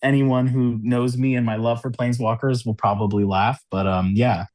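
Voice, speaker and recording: An American man, a cube designer appearing as a podcast guest in New York City, chats casually in a conversational interview, peppering his speech with "like" and "you know" and laughing often. His voice is medium-pitched, steady, slightly mellow, and at a normal speed, with no echo.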